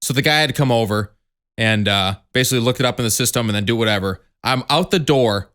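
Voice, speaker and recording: Fast-talking, profane young man. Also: medium pitch, fairly bright tone, clean tone. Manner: fast, profane storytelling with acted-out quotes. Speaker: podcast co-host. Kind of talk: casual chat.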